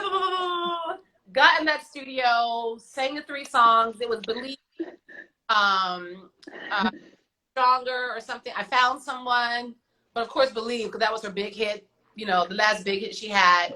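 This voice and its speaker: A woman on a video call, chatty and animated, telling her stories with slangy asides and acted-out voices. Her tone is bright and forceful, and her pitch sits a touch high. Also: moderate pace, poor audio. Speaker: guest singer. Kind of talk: casual storytelling.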